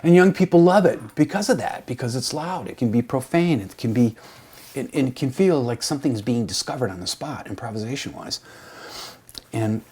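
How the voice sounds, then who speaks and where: A man's voice: mid-range voice, expressive, moderate pace, warm tone, husky. A middle-aged man telling long, rambling, self-deprecating stories in a casual way, full of restarts and asides. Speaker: college instructor and storyteller. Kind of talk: casual anecdotal storytelling.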